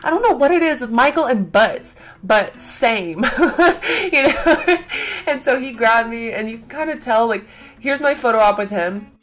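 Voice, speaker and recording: A young woman telling a convention story in a casual vlog, chatty and excitable, full of fillers and acted-out quotes. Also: fairly high pitch, unhurried. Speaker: vlogger.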